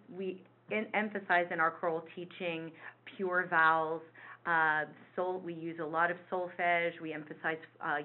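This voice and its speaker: A woman choir director explaining singing technique in a webinar, talking with frequent fillers. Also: lowish voice. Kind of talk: webinar presentation. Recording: phone-like narrow band.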